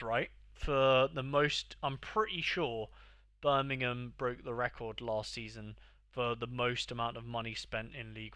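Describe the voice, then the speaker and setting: A young man chats casually with his livestream audience. His voice is bright and forceful, the sound dry and close. He talks in mock-exasperated bursts, swearing freely as he bickers with viewers. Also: medium pitch, dry recording. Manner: exasperated, sweary banter with chat. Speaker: livestream host.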